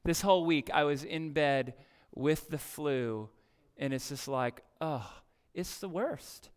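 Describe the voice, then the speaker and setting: A man's voice: a little high, slow, clear, resonant tone. A man preaching a sermon as a pastor, reading scripture emphatically and asking the congregation questions.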